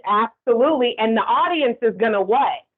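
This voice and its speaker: A woman's voice: on the high side, expressive, a little fast. A woman instructor giving a conversational training lecture, often checking in with the class. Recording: tinny phone-like sound.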